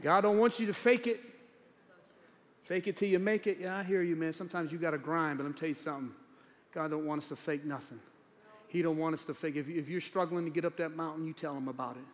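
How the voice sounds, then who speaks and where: A man preaching a sermon as pastor, animated, swinging from loud preaching to low asides. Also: fast, a little hiss or hum. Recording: long hall reverb.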